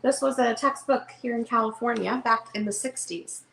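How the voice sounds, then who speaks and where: Woman, bookseller host, casual live-sale patter, fairly high voice, roomy sound. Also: steady tone, creaky, a bit bright, a little hiss or hum. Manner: casual, chatty, unhurried. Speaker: online bookseller. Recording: roomy echo.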